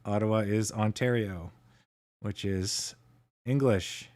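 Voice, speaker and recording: Slow-talking man chatting on a livestream. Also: lowish voice. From Canada. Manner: relaxed, chuckling often, chatting with viewers. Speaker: livestream host. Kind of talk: casual livestream chat.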